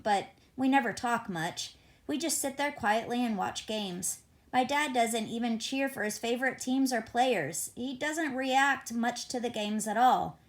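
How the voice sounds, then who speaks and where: A woman reading a first-person novel aloud as an audiobook, in a conversational, wry and reflective manner. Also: fairly high pitch. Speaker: audiobook reader.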